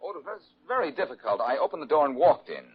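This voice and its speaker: On a dull, lo-fi old radio recording with faint hiss, an actor plays the breezy, teasing lead detective of a 1940s radio drama, quick with quips. His voice sits on the high side, very animated with a breathy edge.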